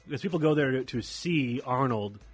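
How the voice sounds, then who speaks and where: A man's voice: medium pitch, lively intonation, a little fast, slightly rough, faint music behind. A man co-hosting a podcast in casual chat, laid-back and mostly chiming in with short agreement.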